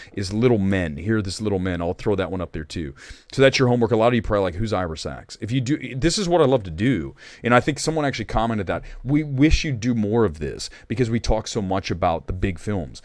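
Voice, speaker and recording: A man's voice: on the low side, a little mellow, dry recording. A man hosting a casual livestream movie chat, opinionated and rambling, with restarts and asides. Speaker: movie talk show host.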